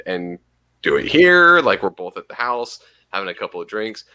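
A man's voice: lowish voice, big pitch swings, moderate pace, sharp tone, smooth. A man co-hosting a casual podcast who teases and laughs often. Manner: wry, teasing, laughs often. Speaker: podcast co-host.

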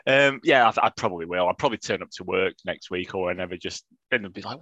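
A man's voice: low voice, expressive, fast, pushed and bright, slightly rough, no room sound. A man co-hosting a casual football podcast, chatty and self-mocking. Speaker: podcast co-host.

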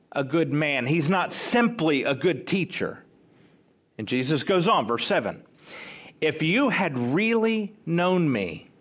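A man preaching a sermon, slow and emphatic, with dramatic pauses. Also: on the high side.

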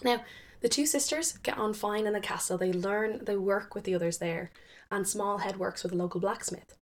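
A woman casually retelling a folktale, chatty, with fillers and quick self-corrections. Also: medium pitch. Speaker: storyteller.

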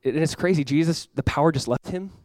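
A young man preaching a sermon as a pastor, conversational and animated, acting out quotes and laughing often. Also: on the high side, fast, no echo.

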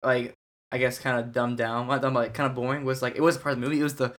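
A man co-hosting a film podcast, telling animated stories and mimicking his friends. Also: mid-range voice, fast talker. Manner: animated storyteller, mimics others. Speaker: podcast co-host. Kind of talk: casual chat.

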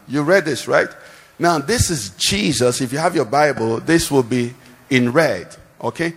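A man preaching a sermon, often pausing with questions for the congregation to answer. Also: mid-range voice, animated, vocal fry, husky. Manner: call-and-response questions to the congregation. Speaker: pastor.

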